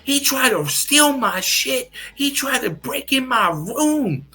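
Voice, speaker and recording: A man acting out an enraged man yelling about an intruder in his room, cursing and shouting as he retells a story. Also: very high-pitched, very animated, slow pace, soft background music, voice pushed up, full character voice. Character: furious naked man yelling about a break-in.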